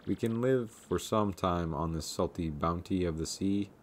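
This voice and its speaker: A man voicing a vain, theatrical male merchant from a video game, with a grandiose, drawn-out lordly delivery. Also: low voice, slight background noise, natural voice. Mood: mournful. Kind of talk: reading game dialogue aloud.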